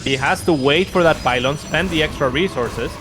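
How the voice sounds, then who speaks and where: A man's voice: a little high, normal speed, music in the background. A man giving friendly, analytical color commentary on a live esports match. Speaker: esports co-caster.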